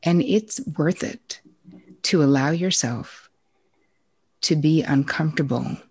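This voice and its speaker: A woman's voice: low voice, takes it slowly, a little mellow, husky. A woman speaking as a guest therapist on a podcast, frank and blunt as she gives advice. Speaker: guest psychotherapist. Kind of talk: podcast conversation.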